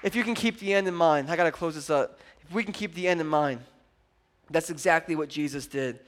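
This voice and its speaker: A high-pitched man in his thirties delivers a sermon as a pastor. He tells stories with animated energy, dropping low and quiet, then surging loud and excited as he urges the crowd on. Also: brisk, slight background noise. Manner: animated storytelling, acts out his daughter's voice.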